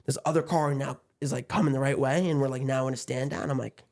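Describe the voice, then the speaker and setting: A man's voice: mid-range voice, steady tone, fast, darkish tone. A man in his twenties, a podcast guest, rambling through a story and quoting everyone with "I'm like". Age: 20s. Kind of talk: casual podcast chat.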